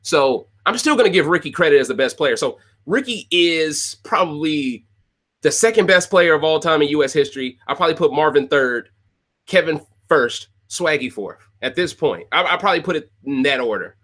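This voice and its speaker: Recapping a reality show on his casual podcast, the host talks straight to his audience in a slightly high, a bit bright voice with lively intonation at normal speed. He's opinionated and often says the same phrases over again.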